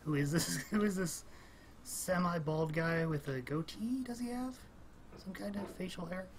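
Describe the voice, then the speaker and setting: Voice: mid-range voice, normal speed, background noise. A gamer giving casual, rambling commentary while playing, thinking aloud with frequent little laughs and exclamations. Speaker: let's play gamer.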